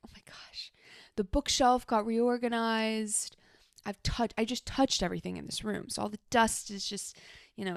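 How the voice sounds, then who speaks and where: A woman's voice: medium pitch, creaky, clear, resonant tone, no echo, clean studio sound. A woman hosting her own podcast from her home office, a therapist chatting casually and rambling, slightly out of breath. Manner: chatty, rambling, self-talking asides. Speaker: podcast host and mental health therapist. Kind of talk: casual solo podcast chat.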